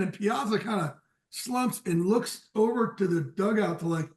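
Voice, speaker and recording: A man with a high, bright voice tells a story on a sports podcast. He is animated and keeps breaking into laughter. He talks casually, as a guest would. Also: moderate pace. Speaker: guest football insider. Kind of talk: casual anecdote telling.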